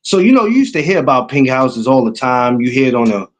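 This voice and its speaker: A man's voice: mid-range voice, big pitch swings, fast. A man from New York with a New York accent, chatting casually as a guest and telling stories in loose street slang. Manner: laid-back street slang, storytelling with repeated asides. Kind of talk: casual chat.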